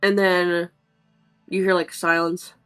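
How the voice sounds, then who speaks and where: A woman's voice: on the low side, flat delivery, slow pace, fairly bright tone, clean tone, soft background music. A woman narrating as game master of a tabletop game, chatty and full of "um"s. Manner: chatty, many "um"s and "like"s.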